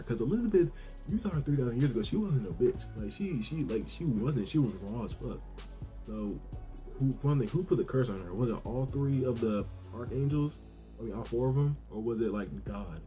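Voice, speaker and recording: A young man giving a casual, excitable manga review, slangy and profane, acting out the characters' lines as he retells the chapter. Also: mid-range voice, moderate pace, faint music behind. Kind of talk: casual reaction commentary.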